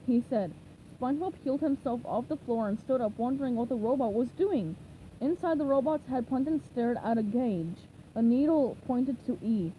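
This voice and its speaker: Woman reading aloud, slow and measured, high lively voice, mellow tone, faint background noise. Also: poor audio. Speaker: reader. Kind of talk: reading a children's novelization aloud.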